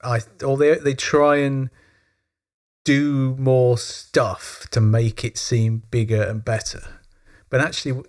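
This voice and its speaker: A man's voice: mid-range voice, little pitch movement. Thoughtful man chatting about films. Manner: thoughtful, explains at length, quick to laugh along. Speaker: podcast co-host. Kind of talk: casual film discussion.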